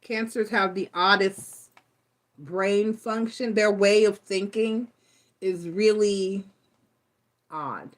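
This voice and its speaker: A woman's voice: mid-range voice, takes it slowly, pauses often. A woman giving a casual live tarot reading, blunt and profane, rambling through stories as she talks. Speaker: tarot reader.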